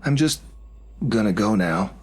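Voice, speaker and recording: A man's voice: fairly low pitch, expressive, unhurried, husky, faint music behind. A man voicing a wary, teasing nineteen-year-old woman in a storybook tale. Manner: sly, pointed replies.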